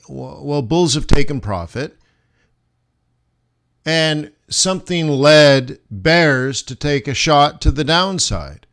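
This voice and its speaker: Running a live forex trading lesson, a man with a slightly high, gravelly, fairly bright voice goes over the charts casually, tossing rhetorical questions to his viewers.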